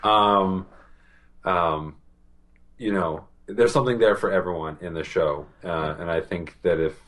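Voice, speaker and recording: Deep-voiced man with a Boston accent. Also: a bit bright. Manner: halting, many fillers and restarts. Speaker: podcast co-host. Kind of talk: casual TV review chat.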